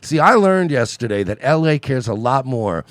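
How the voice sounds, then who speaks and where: A man's voice: medium pitch, very animated, moderate pace, dry recording. A man co-hosting a podcast in crude, profane comedic banter. He laughs often and slips into mock voices. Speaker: podcast co-host.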